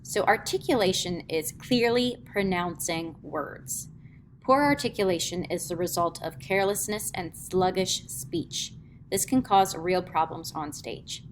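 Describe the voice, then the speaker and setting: Teaching theatre to middle schoolers, this woman chats through her lecture, saying "um" in the pauses and demonstrating as she goes. She speaks in a lowish voice, and there's a little hiss or hum on the recording.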